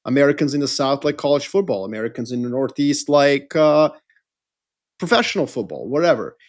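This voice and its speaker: A man's voice: mid-range voice, lively intonation, fairly quick. A middle-aged man co-hosting a podcast in a casual, rambling, jokey chat. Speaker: podcast co-host.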